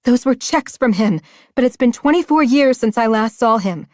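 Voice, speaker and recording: A woman's voice: on the high side, animated, moderate pace, darkish tone, dry recording, studio quality, voice pushed up, lightly acted. A woman voicing a desperate middle-aged mother who pleads in a strained voice. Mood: pleading.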